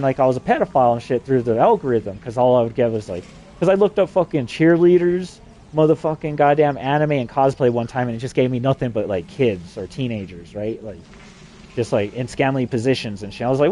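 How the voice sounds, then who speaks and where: A man's voice: medium pitch, warm tone. A man from New Mexico delivering an agitated, profanity-laden rambling monologue. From New Mexico, USA.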